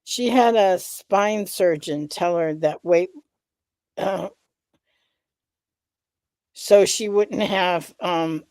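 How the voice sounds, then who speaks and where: A woman's voice: fairly low pitch, drawn-out words, pauses often, darkish tone, no room sound. A woman hosting a candid conversation, thoughtful and a little hesitant. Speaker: host.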